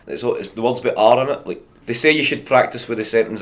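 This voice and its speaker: A man's voice: medium pitch, fast talker. A Scottish man in his thirties, a comedian guest chatting casually and telling stories with a lot of laughter. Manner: chatty storyteller, laughs often. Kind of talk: casual chat.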